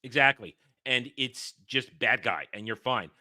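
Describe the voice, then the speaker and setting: Bright-voiced opinionated man reviewing films. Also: medium pitch, measured pace, no echo, studio quality. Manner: opinionated, animated, emphatic rants. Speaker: podcast host reviewing a film. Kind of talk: casual film review chat.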